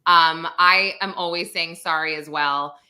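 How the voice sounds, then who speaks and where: Casting: bright, sharp-toned female host, rambling casual chat on a video call. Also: low voice, steady tone, unhurried. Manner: chatty, rambling with fillers. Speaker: podcast host.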